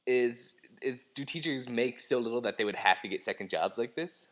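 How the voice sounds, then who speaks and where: A man in the middle of a casual commentary chat about a TV episode, speaking at an ordinary pitch. He rambles, restarts and hedges, with chuckles breaking into his sentences. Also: animated, normal speed, a bit bright. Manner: rambling, hedging, laughs mid-sentence. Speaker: podcast co-host.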